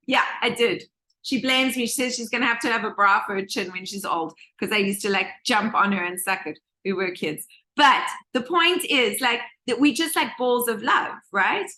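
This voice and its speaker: Woman course teacher, high bright voice, animated, slips into quoted voices, on a video call. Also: normal speed. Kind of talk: live online group session.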